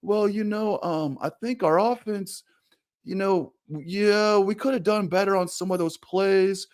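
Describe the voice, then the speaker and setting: A man's voice: sits high, unhurried, darkish tone, pitched above the performer's own voice. A man putting on the voice of a meek, unsure male football coach who stammers and fills his talk with hesitations. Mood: hesitant. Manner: stammering, unsure, filler-laden.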